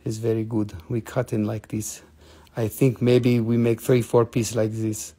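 A man's voice: fairly low pitch, little pitch movement, measured pace, dark tone, voice pushed down. A man voicing a jokey, haggling gem dealer who speaks in broken English with teasing sales patter. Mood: playful haggling.

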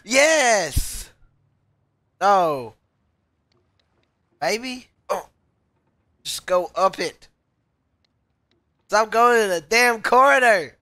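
A woman's voice: mid-range voice, expressive, drawn-out words, pauses often, sharp tone, no echo. A woman streaming a frustrating climbing game, yelping yes and no, laughing and shrieking at every setback. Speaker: VTuber streamer. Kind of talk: reactive gameplay commentary.

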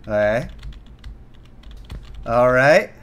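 Excitable man with bright tone. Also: mid-range voice, extremely slow, slight background noise. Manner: excitable, bursts into yelps and shouts, self-mocking jokes. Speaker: gaming youtuber. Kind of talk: gameplay commentary.

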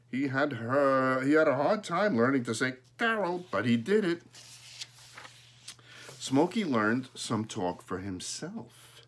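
A man reading a children's story aloud, adding relaxed, chatty asides. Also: medium pitch, slow pace. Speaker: storybook reader.

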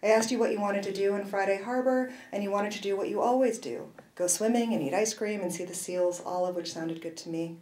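A woman's voice: medium pitch, steady tone, brisk, few pauses, a little mellow, roomy sound, low-quality recording. A woman author reading aloud from her novel at a university event, in a wry first-person voice with brief asides.

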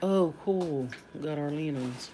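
A tired woman yawns as she hosts a casual family live stream from home, drawling informally with many fillers. Her voice is low and a little slow, with noise in the background.

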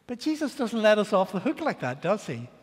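A male guest preacher giving a dramatic sermon, swinging between loud declarations and hushed asides. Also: high voice, huge pitch swings, fairly quick. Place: church sanctuary. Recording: church hall reverb.

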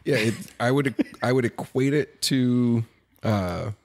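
A man co-hosting a podcast, chatting casually over drinks in a relaxed, tired way with short replies. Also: mid-range voice, takes it slowly. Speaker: podcast co-host.

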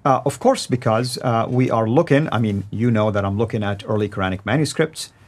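Lower-voiced man, measured. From Saudi Arabia. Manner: measured, with frequent hesitations. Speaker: guest scholar. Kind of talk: interview answers.

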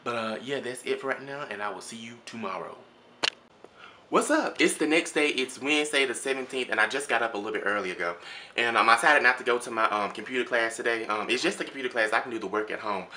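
A man's voice: mid-range voice, quick pace, pushed and bright, a little hiss or hum. A young man, chatting casually to a handheld camera at home, rambling with lots of ums and restarts. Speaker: vlogger. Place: at home, in his kitchen. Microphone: handheld phone or camera at arm's length.

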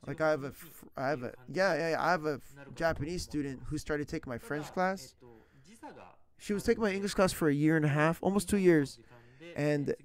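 A man's voice: fairly high pitch, fairly quick. A man in his thirties chatting casually as a language teacher streaming online, slangy, rambling and earnest. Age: 30s. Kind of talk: casual chat.

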